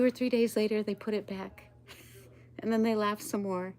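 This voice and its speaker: A woman's voice: medium pitch, fairly even intonation, moderate pace, darkish tone. A woman chatting casually on a live stream, rambling, laughing often and talking to her pets and viewers.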